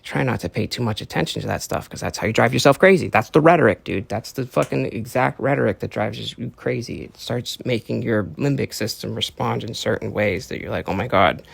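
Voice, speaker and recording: A man talks alone into a close podcast mic, rambling through his thoughts with plenty of swearing. His voice sits at a middling pitch with a gravelly edge. The sound is dry, with no room behind it. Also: fairly quick, hardly any pauses, no room sound. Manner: rambling, profane, acts out quoted voices. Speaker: podcast host. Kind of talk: casual solo podcast monologue.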